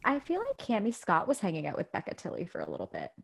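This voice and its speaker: This young woman co-hosts a casual celebrity gossip podcast, giggling, rambling, and often searching for the right word. Her voice sits on the low side, gravelly with a breathy edge, swooping wildly in pitch at a quick pace.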